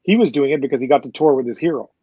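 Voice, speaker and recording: A man with a Canadian accent casually recounting a story as a promoter, animated, swearing and acting out the people he quotes. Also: mid-range voice, rapid-fire, husky, dry recording. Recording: slightly muffled dry recording.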